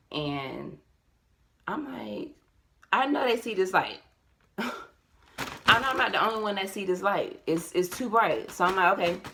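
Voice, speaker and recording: Low-voiced woman telling a story casually. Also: background noise. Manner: animated, repetitive, addresses viewers as y'all. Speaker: vlogger.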